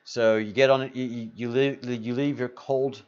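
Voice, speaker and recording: A man's voice: mid-range voice, steady tone, moderate pace, a little mellow, clear, resonant tone. A man hosting a casual live stream, rambling as he reads out viewers' names from the chat. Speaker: livestream host. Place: Spain. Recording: slightly dull lo-fi audio.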